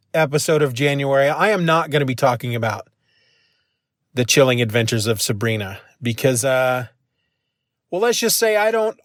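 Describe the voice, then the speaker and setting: A podcast host with a fairly high voice talks into his phone for a casual solo podcast monologue, loose and rambling, with self-mocking rants. The sound is clean like a studio, with no room sound.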